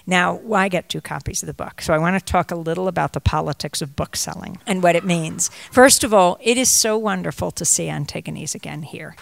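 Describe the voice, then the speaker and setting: A woman's voice: fairly low pitch, a little fast, creaky, few pauses, slight background noise. An older woman, a journalist on a book tour, speaking to an audience at a bookstore, wandering into chatty stories and asides. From United States. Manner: digressive storytelling, chatty asides. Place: bookstore event.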